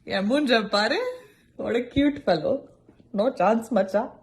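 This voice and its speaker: A young woman doing comic monologue sketches, sarcastic and animated, jumping into acted quotes. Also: a little high, unhurried. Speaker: comedy sketch creator.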